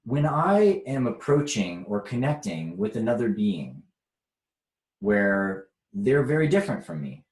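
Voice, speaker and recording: A man's voice: lowish voice, sing-song, unhurried, a little mellow, echoey room. An American man leading a spiritual workshop talk, reflective and chuckling often as he teaches.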